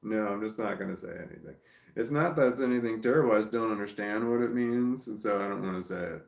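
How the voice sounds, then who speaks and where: A man's voice: fairly low pitch, fast talker, creaky, roomy sound. A Southern man with a Southern American accent, casually reading and reacting to live comments in a stop-start, chuckling way. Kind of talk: casual livestream chat.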